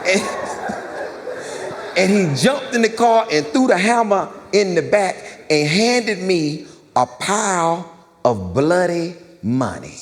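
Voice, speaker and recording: A stand-up comedian with a drawl tells a long story, circling back and repeating his lines for effect. His voice sits a little high, and it rings out with a long reverb from a large live theater. A faint murmur of the hall sits underneath. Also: takes it slowly, slight background noise. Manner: animated storyteller, repeats lines, jumps into loud high-pitched quoted voices.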